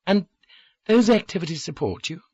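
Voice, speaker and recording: A man's voice: on the high side, a little fast, dry recording, pitched above the performer's own voice, close to an everyday voice. A man voicing a guarded, formal young Englishwoman who speaks in a clipped, dispassionate way, in an audiobook. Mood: cool, guarded. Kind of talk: audiobook character voice. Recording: dull lo-fi dry recording.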